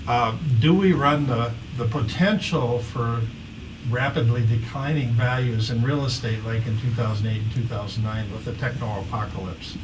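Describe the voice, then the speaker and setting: Distant man asking a panel question. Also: mid-range voice. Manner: halting, repeats words. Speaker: panel moderator. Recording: distant mic, noisy hall.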